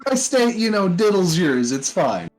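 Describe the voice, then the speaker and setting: A man chatting casually during a break in a tabletop game, loose and excitable, swearing freely. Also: high voice, a little slow, faint music behind, low-quality recording.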